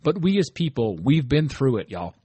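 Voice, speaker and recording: He has a medium-pitched, warm, husky voice with big swings in pitch, delivered at a moderate pace in a dry recording. As a solo motivational podcast host, he talks casually and encouragingly, leaning on "right?" tag questions.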